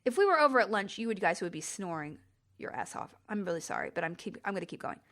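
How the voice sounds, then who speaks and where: A middle-aged woman hosting a podcast, telling a travel story in a chatty, exasperated way and jumping up in pitch for emphasis. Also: big pitch swings, quick pace, fairly bright tone. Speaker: podcast host. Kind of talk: casual storytelling monologue.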